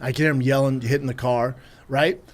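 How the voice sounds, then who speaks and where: A man's voice: medium pitch, fairly quick. Guy, 30s, podcast host telling a wild story, swears a lot, does all the voices. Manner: profane, animated, acts out the voices in his story. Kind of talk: casual storytelling.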